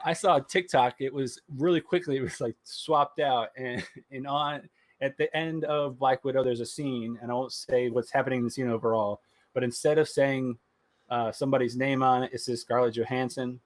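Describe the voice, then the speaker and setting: A man's voice: mid-range voice, steady tone, moderate pace, no echo. A man hosting a podcast, chatting casually about movies in a loose, joking way with some swearing. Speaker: podcast host.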